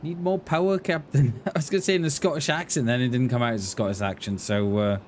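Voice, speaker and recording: A man's voice: medium pitch, big pitch swings, quick pace. A man streaming a game, chatting casually in a rambling, hesitant way and often repeating his words. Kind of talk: casual live-stream chat. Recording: game noise behind the voice.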